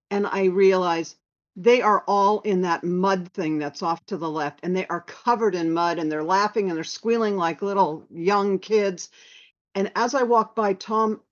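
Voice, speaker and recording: Woman, casual storyteller, lively delivery, muffled lo-fi audio. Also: mid-range voice. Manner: animated, quoting others in lively voices. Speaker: storyteller sharing memories. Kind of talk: casual spoken anecdote. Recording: dull lo-fi sound.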